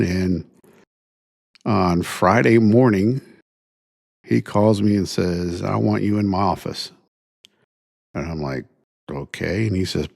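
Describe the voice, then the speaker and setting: A man's voice: sits low, vocal fry, darkish tone. A middle-aged man, tired and sore after surgery, casually recounting events as a podcast host with lots of fillers. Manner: rambling, many fillers, retells dialogue. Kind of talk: casual first-person storytelling.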